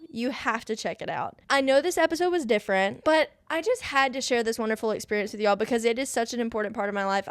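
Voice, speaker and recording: Young female podcast host, bubbly and chatty, slightly high, crisp voice. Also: dry recording. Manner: bubbly, gushing, says "y'all" and "like" a lot. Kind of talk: casual solo podcast chat.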